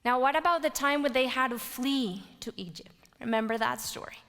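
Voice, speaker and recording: High-voiced woman preaching in a reverberant hall. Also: a little fast. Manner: animated storytelling, rising to loud exclaims and dropping to whispers. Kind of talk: sermon.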